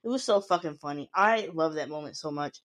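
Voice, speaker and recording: A woman's voice: low-pitched, fairly quick, fairly bright tone. Chatty, foul-mouthed woman podcaster. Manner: chatty, swearing freely, acting out quotes. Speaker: podcast host recapping a show. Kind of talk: casual recap chat.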